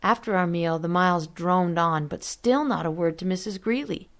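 Woman narrating an audiobook, lowish voice. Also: moderate pace.

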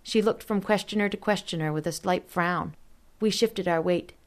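A woman reading a story aloud as narrator in a steady, measured way. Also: on the low side. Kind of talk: audiobook narration.

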